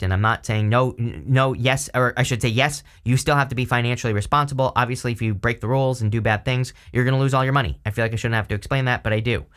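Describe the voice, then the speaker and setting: A man's voice: mid-range voice, a bit bright, smooth. A man giving a casual tarot reading, talking loosely with many fillers and restarts. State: throat irritated by allergies. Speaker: tarot reader.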